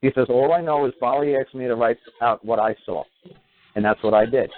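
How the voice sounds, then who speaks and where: A man's voice: medium pitch, brisk. A man hosting a talk show, telling a long story in a casual way and acting out the voices of the people in it. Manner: animated, acts out quoted voices. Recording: tinny phone line audio.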